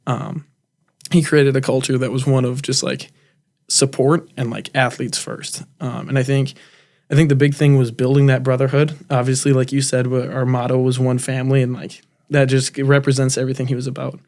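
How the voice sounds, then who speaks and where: Young man, flat easy delivery. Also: medium pitch, normal speed. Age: young adult. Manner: relaxed, many fillers and restarts. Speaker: guest, college football player. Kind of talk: casual interview talk.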